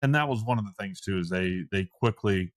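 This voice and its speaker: Low-voiced podcast man, quick halting talk. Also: no echo. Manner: fast, halting, many restarts. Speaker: podcast co-host. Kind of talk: casual chat.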